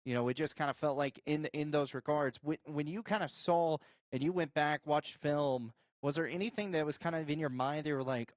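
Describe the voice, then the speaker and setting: A man who hosts a local sports show, calling football highlights and then interviewing a player in a casual, filler-heavy way. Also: fairly quick, no echo, studio quality. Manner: excited shouting calls over game highlights, then casual questions with fillers. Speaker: sports show host and play-by-play caller. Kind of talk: high school football play-by-play and interview.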